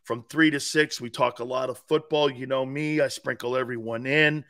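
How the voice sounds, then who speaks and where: In a relaxed podcast interview, a guest in his fifties who once played the sport and later hosted sports radio speaks with emphasis and animation, breaking into loud outbursts. His voice is mid-range and his pace is normal.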